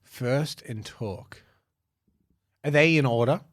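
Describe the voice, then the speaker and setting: A man co-hosting a podcast, chatting casually while he guesses movie quotes, relaxed and quick to laugh. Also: medium pitch, no room sound, studio quality. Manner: relaxed, laughs easily, mumbles guesses aloud. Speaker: podcast co-host. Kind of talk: casual chat, guessing game.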